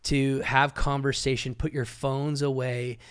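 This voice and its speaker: A man's voice: mid-range voice, flat delivery, a little slow, smooth. A man co-hosting a podcast as a pastor, talking casually with blunt jokes and preachy asides.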